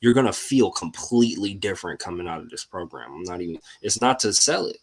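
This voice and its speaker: A man's voice: deep voice, expressive, fast. A man hosting a live mindset show, talking casually and animatedly, firing rhetorical questions at himself and at listeners in slangy, informal speech. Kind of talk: casual motivational talk.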